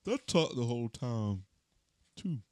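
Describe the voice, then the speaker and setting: A man's voice: medium pitch, very animated, moderate pace, darkish tone, clear, resonant tone, no echo, clean studio sound. A man co-hosting a podcast in casual chat, teasing and laughing often. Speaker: podcast co-host.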